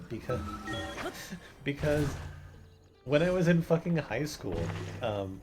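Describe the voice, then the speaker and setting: A man streaming a video game, chatting casually, laughing often and swearing now and then. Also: medium pitch. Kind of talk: casual gameplay commentary. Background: game music.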